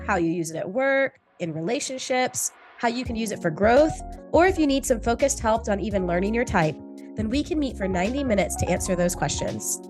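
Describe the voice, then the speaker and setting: Podcast host lady doing an upbeat ad read, music under it. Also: mid-range voice. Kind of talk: scripted promo read.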